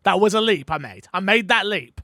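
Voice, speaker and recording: A man hosting a casual gaming podcast, telling stories in an animated, jokey way. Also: high-pitched, fairly quick, no echo, clean studio sound. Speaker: podcast host.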